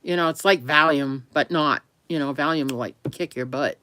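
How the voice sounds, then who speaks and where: A woman's voice: deep voice, moderate pace, pushed and bright, no room sound. A woman talking to camera in a rambling, chatty way, often laughing. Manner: talks affectionately to her dog between remarks. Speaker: vlogger. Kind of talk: casual chat to camera.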